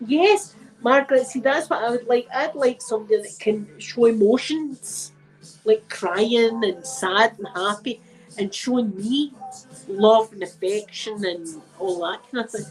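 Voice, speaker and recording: A woman's voice: a little high, a little slow, faint music behind, low-quality recording. A middle-aged Scottish woman with a cold, chatting casually and emphatically with her viewers as a channel host. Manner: chatty and emphatic, repeats phrases, uses local words like wee and dead. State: has a cold. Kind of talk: casual chat with live viewers.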